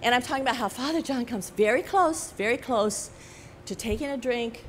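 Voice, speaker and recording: An older woman author talking to an audience at a book festival, telling animated stories with frequent "you know" and laughing at her own anecdotes. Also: on the high side, normal speed, a little hiss or hum. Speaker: author giving a talk. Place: large hall at a book festival. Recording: echoey hall with faint ambience.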